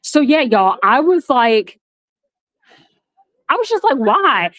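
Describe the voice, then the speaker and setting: Animated woman vlogging while walking. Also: slow, no room sound. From Florida. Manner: animated, dramatic storytelling with big pitch jumps. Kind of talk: live walking vlog. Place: outdoors in a theme park.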